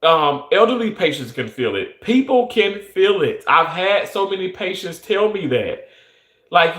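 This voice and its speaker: Young man, earnest monologue, a bit high, echoey room. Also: very animated, unhurried, fairly bright tone. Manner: earnest, emphatic, many restarts. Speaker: surgical technologist. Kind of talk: casual monologue.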